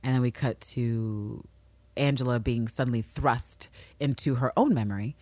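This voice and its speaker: A woman from New York City co-hosting a casual TV recap podcast, animated and swearing freely. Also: a bass voice, moderate pace, dry recording. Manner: animated, swears, bursts of excitement. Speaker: podcast co-host.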